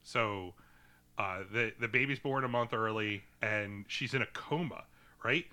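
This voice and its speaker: A man's voice: on the low side, measured pace, bright, forceful tone. A man co-hosting a casual film review podcast, joking and swearing, often restarting his sentences. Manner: joking, profane, stumbles and restarts. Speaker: podcast co-host.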